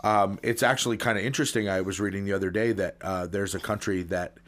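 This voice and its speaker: A man's voice: fairly low pitch, fairly even intonation, quick pace, fairly bright tone. A man co-hosting a casual podcast, rambling with many fillers and setting up pun jokes. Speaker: podcast co-host. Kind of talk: casual chat.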